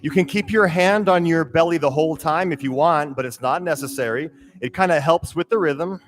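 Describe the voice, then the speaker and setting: A man teaching a guided breathwork class, giving calm, steady cues and counting breaths aloud. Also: a little high, fairly quick. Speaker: yoga and breathwork instructor. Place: yoga studio. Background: drum beat music.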